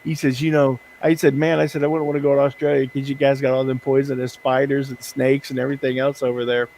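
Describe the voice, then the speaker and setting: A man chatting casually as he works, rambling and chuckling through his points. His voice sits at an everyday middle pitch. He trips over his words and restarts often. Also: flat delivery, quick pace, a little mellow, poor audio. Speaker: streamer host. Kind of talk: casual chat while working. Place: indoors at a work desk.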